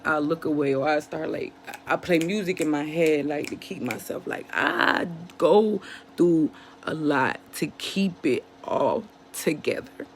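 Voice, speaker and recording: A woman's voice: sits low, unhurried, slight background noise. A woman vlogger speaking candidly and emotionally to her viewers, in casual slang full of "you know what I'm saying". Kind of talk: candid personal monologue to camera.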